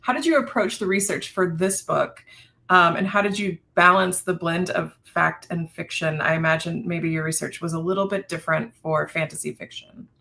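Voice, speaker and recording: A woman's voice: fairly low pitch, moderate pace, vocal fry, sharp tone. A woman moderating a webinar, easygoing, reading out audience questions over a video call and laughing along with the guest.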